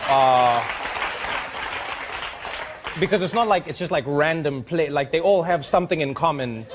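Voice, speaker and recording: A man's voice: a little high, measured pace, a crowd in the background, noisy background. A man, a talk show host telling comic stories and acting out the voices of people in them. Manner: animated, acts out quoted voices. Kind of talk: comic storytelling.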